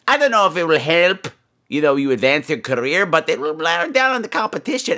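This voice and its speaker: Man doing a campy gargoyle advice host, crude and theatrical, bright, swooping voice. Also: fairly high pitch, expressive, fairly quick. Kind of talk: comedy podcast advice segment.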